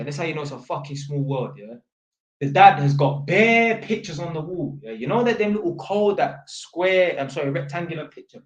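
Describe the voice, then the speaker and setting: A man's voice: fairly high pitch, dull audio. A man, an electrician telling a long, slangy, rambling story for his vlog, full of fillers and restarts. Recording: roomy echo.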